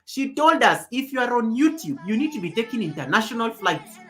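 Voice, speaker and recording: A young woman from Kenya hosting a casual livestream, talking loudly and warmly greeting viewers by name. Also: fairly high pitch, very animated, fairly quick. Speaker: livestream host. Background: background music.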